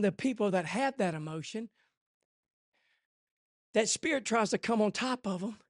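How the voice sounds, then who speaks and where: A male preacher delivering a church sermon, swinging from hushed murmurs to shouted, rhythmic refrains. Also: sits high, no room sound, clean studio sound. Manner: repeats refrains in a call-and-response cadence. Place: church service.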